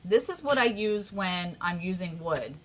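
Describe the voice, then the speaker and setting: A woman hosting a casual live craft tutorial, chatty and easily excited, often gushing over her work. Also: lowish voice, measured pace, a little hiss or hum.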